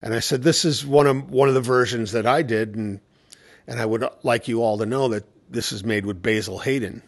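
A man's voice: mid-range voice, steady tone, a little fast. Man telling stories about cocktails. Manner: anecdotal storytelling, acting out quoted exchanges. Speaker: cocktail educator. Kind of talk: casual conversation.

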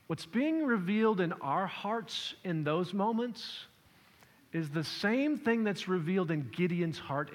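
A man preaching as pastor explains a passage in a high-pitched, slightly bright voice, shifting his emphasis and acting out quotes. Long hall reverb fills the recording.

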